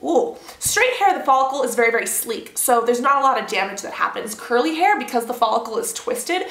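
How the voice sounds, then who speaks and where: A woman's voice: fairly high pitch, very animated, a little fast, a bit bright. A young woman in her twenties chatting casually through her hair products in a bubbly, rambling vlog style. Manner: chatty, bubbly, lots of fillers and asides. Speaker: beauty vlogger. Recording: roomy echoey home room.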